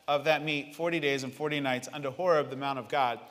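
A man preaching a sermon, reading scripture dramatically and swinging between loud declarations and hushed lines. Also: on the high side, fairly even intonation, fast, hardly any pauses, in a large hall. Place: church sanctuary.

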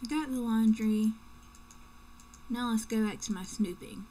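A woman's voice: fairly high pitch, a little slow, dark tone, a little hiss or hum. Joking, foul-mouthed young woman gamer. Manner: joking, profane, talking to herself. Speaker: let's play gamer. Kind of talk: casual game commentary.

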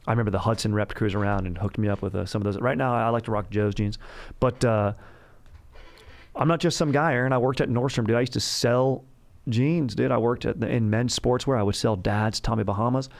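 Gravelly bro-talking man. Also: medium pitch, brisk. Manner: bro-speak, calls everyone dude and bro; rambling, boastful salesman banter. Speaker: podcast host. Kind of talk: comedic podcast monologue.

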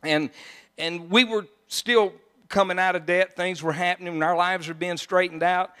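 An older man preaching a sermon, telling stories in a folksy way and breaking into shouts. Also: high voice, steady tone, moderate pace, smooth. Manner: folksy storytelling, bursts into shouts. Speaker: pastor. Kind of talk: sermon with storytelling.

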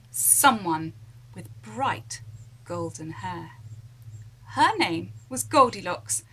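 A woman reading a children's story aloud, expressive and dropping at times to a whisper. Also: medium pitch, rough recording.

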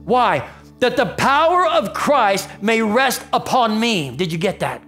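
A man preaching a sermon in a church, emphatic, swinging between raised exclaims and low murmurs. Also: big pitch swings, unhurried, fairly bright tone, soft background music. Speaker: pastor. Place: church sanctuary.

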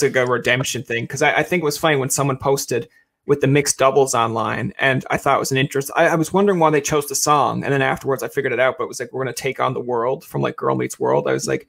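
A man's voice: mid-range voice, gravelly, a bit bright. A young man hosting a casual interview, chatty and joking, acting out quotes as he talks. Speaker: host.

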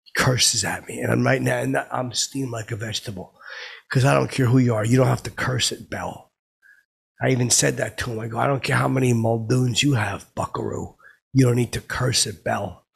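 A podcast host improvises a comedic monologue as a boastful, clueless middle-aged guy who refers to himself by name in the third person. His medium-pitched, steady voice has vocal fry and a breathy edge, fully in character. He rambles and halts, stalling with fillers and "blah, blah."

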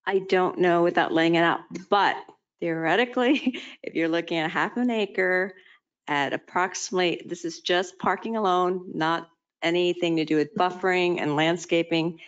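A woman with a lowish voice answers the board tentatively, hedging every figure she gives. She speaks in a municipal meeting room. The audio is slightly muffled. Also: normal speed, clean tone. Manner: tentative, qualifies her estimate. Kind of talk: impromptu technical answer.

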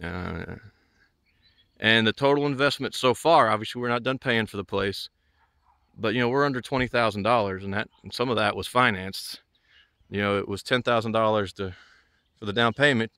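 Smooth-voiced man touring his homestead. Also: fairly low pitch, normal speed, bright, forceful tone, no echo, studio quality. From Southern United States. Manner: rambling, many fillers and restarts. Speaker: homesteader vlogger. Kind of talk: casual walking tour narration. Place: outdoors on a rural homestead.

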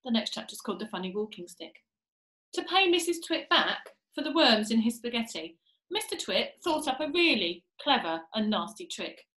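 A woman reads a children's story aloud with a lively voice, pitched a bit high, rising and falling a lot. She talks straight to young listeners, and her voice rings in an echoey room. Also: normal speed. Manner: expressive, speaks to young listeners. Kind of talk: reading a children's book aloud.

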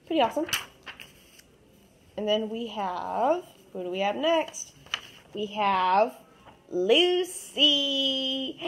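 A woman's voice: a little high, expressive, takes it slowly, pauses often, fairly bright tone, slight background noise. A woman chatting casually as host, showing her drawings in a giggly, rambling way with many fillers. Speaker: channel host.

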